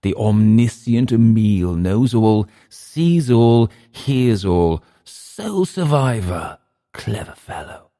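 A man's voice: low voice, expressive, normal speed, a little mellow. A man reading aloud, voicing a drunk young Englishman who mocks his companion with jeering taunts. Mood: mocking.

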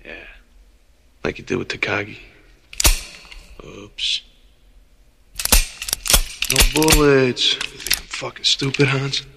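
A man's voice: medium pitch, animated, slow, gravelly, long pauses, heavy background noise, heavily acted. An actor playing a defiant, wisecracking male cop hero who taunts his enemy with sarcastic, profane quips. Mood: taunting.

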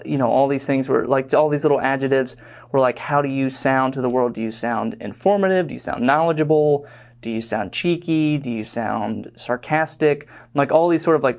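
A man's voice: mid-range voice, a little mellow. A young man teaching an online course in a loose, conversational way, full of fillers and restarts. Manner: rambling, filler-heavy, conversational. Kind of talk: casual lecture.

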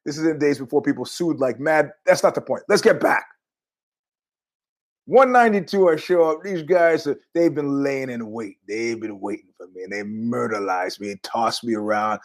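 A man's voice: medium pitch, moderate pace. A middle-aged man hosting a podcast, telling rambling, jokey stories in a casual monologue with asides. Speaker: podcast host.

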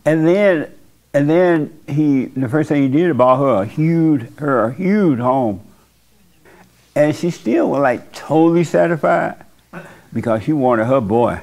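A man hosting a church talk show with a somewhat high voice. He tells stories in a folksy, casual way and gives blunt opinions. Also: animated, measured pace, darkish tone. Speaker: host and pastor. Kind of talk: casual preaching chat.

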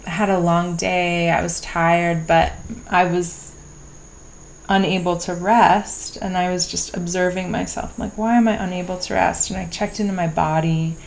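A woman speaks in a slow, unhurried diary-style monologue and thinks aloud with frequent pauses and restarts. Her voice sits a little low. Faint ambient noise runs beneath the recording. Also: darkish tone. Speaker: podcast host. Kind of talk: reflective personal diary monologue.

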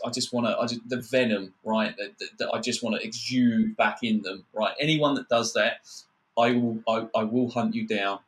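An Australian guest on a video call, talking in loose casual chat. He swears freely and keeps breaking into mocking quoted voices. His pitch sits in the middle for a man. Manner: swearing, animated rants with mocking put-on quotes.

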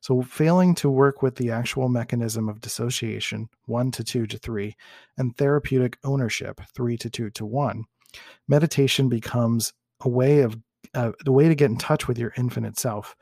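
A man hosting a teaching talk, reading a case study aloud in a measured, explanatory way and sometimes correcting himself. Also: medium pitch, warm tone, no room sound, clean studio sound. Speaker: host and teacher.

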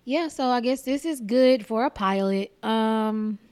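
Texas comedian lady going off on a podcast, cussing a lot, kinda high voice. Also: a little slow, smooth. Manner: profane, blunt, animated storytelling. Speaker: stand-up comedian hosting a solo podcast. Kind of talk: casual comedic rant.

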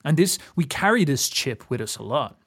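A young Irish man with an Irish accent talks casually and earnestly, reflecting philosophically and often restarting his sentences. His fairly high, slightly bright voice swings widely in pitch at a normal speed.

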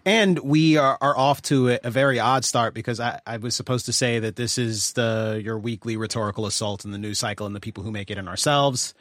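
A man in the middle of a loose podcast chat, a little tipsy, speaking in a rambling, wry way full of ums and restarts. His voice sits at an ordinary pitch, and the sound is close and dry with no room echo. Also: fairly quick, few pauses, a bit bright. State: a little drunk. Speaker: podcast co-host.

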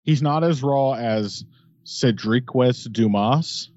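A man's voice: medium pitch, slow, a little mellow, dry recording. A man co-hosting a podcast, giving laid-back fight analysis with jokey asides. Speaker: podcast co-host. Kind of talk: casual sports chat. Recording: dry, slightly dull lo-fi audio.

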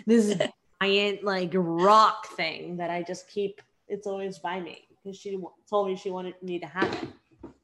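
A middle-aged woman hosts a podcast in casual conversation. Her voice sits at a moderate pitch. She is chatty and enthusiastic, leaning on "like" and "right?" as she talks. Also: flat delivery, measured pace, a bit bright. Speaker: podcast host.

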